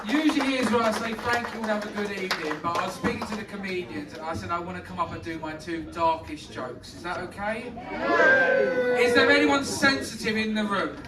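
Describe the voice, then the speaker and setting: A man's voice: high voice, fairly quick, distant mic, very noisy. A British man hosting a comedy night, telling crude jokes and bantering brashly with the crowd. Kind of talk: live stand-up, compering. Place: comedy club stage. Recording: echoey club heard from afar. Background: audience laughter.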